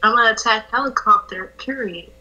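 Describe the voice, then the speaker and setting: A woman's voice: fairly high pitch, fairly quick, heavy background noise. A woman from the US East Coast chatting with a stranger on video chat, laid-back and answering drily with short replies. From East Coast of the United States. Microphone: remote video chat audio.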